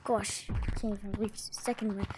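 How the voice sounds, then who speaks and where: A woman's voice: medium pitch, little pitch movement, normal speed, very noisy. A woman giving casual, self-mocking gameplay commentary, out of breath, often dropping to a whisper. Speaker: gaming video creator. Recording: game music playing behind.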